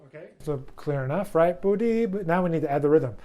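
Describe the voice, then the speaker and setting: A man's voice: a little high, fast talker. A male music teacher giving a jazz lesson. He counts the band in and scat-sings melody lines for the student to copy. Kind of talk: jazz lesson with sung examples.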